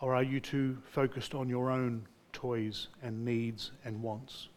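A man's voice: mid-range voice, little pitch movement, slow pace, a little hiss or hum. A male pastor preaching a sermon, putting direct rhetorical questions to his listeners.

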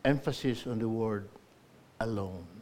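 A man preaching a sermon in church, earnestly urging listeners, rising to emphatic peaks and falling to soft endings. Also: on the low side, unhurried. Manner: earnest exhortation with emphatic rises and soft drops.

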